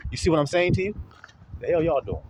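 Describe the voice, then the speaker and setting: A man's voice: on the high side, sing-song, fast, a little mellow, slight background noise. A man preaching an informal sermon, folksy and profane, talking straight to his listeners.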